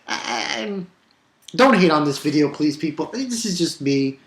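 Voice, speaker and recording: A man gives a casual spoken review of a manga chapter, ranting with exasperation. He's animated, with sudden jumps in pitch, and halting, stumbling over frequently repeated words.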